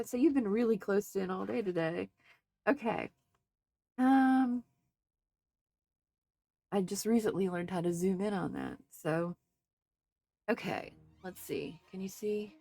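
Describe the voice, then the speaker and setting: A woman with a medium-pitched, warm, creaky voice speaks slowly with long pauses while casually chatting through an art journaling tutorial. Fussy and second-guessing, she thinks aloud over details and talks directly to her viewers.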